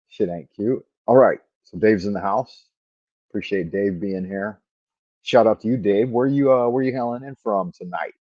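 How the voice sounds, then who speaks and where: A man's voice: low-pitched, a little mellow, husky, dry recording. A man hosting a livestream, chatting casually in a rambling, profane, joking way. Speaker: livestream host. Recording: dull lo-fi microphone sound.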